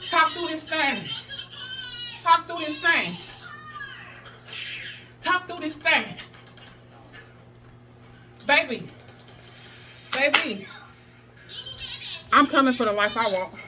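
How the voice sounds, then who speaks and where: This plus-size fitness vlogger speaks slowly in a high, lively voice, leaving long pauses. Her workout pep talk is sassy, preachy, and emphatic, full of laughter and sometimes breathless from the exercise, with music behind her and the mic set far away.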